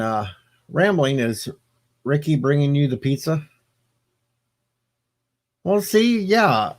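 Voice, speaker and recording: A man talking casually on a live stream at home late at night, answering chat messages as they come in. He rambles and cracks jokes in a loose, easygoing way, and his voice sits in a middle pitch. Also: a little mellow. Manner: rambling, joking, chatting back to viewers. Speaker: livestreamer reading chat.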